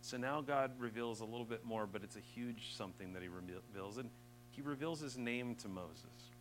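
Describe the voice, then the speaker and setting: A man preaching a sermon, earnest, rising to emphatic peaks and dropping soft and slow. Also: mid-range voice, slight background noise, rough recording.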